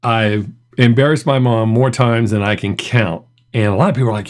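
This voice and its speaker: A man's voice: mid-range voice, normal speed. A middle-aged man hosting a reaction video, telling stories in a chatty way and laughing often. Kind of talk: casual reaction commentary.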